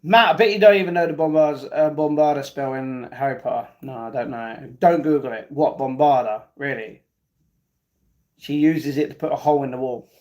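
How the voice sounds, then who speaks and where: A man's voice: mid-range voice, moderate pace, darkish tone. A man hosting a live stream, casually reading out viewer comments and bantering back at them. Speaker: livestream host reading chat.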